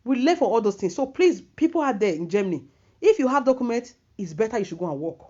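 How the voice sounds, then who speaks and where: A woman's voice: on the high side, very animated, quick pace, darkish tone. A middle-aged woman with a Nigerian accent giving earnest advice in a casual vlog, lecturing and mixing pidgin with English. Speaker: vlogger. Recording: dull lo-fi recording.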